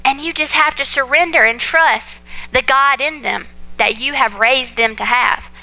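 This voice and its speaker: A young woman, preaching a sermon and telling personal stories in a chatty, animated way that speaks straight to the congregation. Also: high-pitched, measured pace, low-quality recording. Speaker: pastor's wife preaching.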